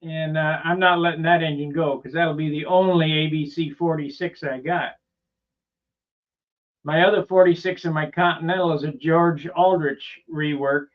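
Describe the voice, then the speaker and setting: Here a man with a voice that's a little high runs a laid-back workshop vlog on model airplane building. His talk is rambling and plainspoken, dotted with loose asides, over dull-sounding audio.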